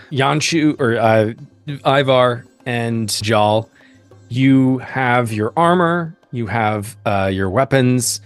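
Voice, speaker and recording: A man narrating a tabletop role-playing game as game master, describing scenes with frequent ums and uhs. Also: medium pitch.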